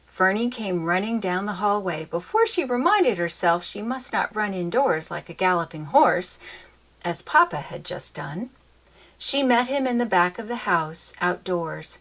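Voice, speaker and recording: Expressive woman reading a storybook. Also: mid-range voice, unhurried. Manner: expressive, lilting. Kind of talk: storybook read-aloud.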